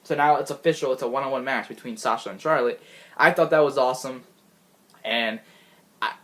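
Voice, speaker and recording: Here a man with a medium-pitched, fairly bright voice chats his way through an offhand wrestling show rundown. The delivery is giggly and meandering, full of laughter and restarted sentences.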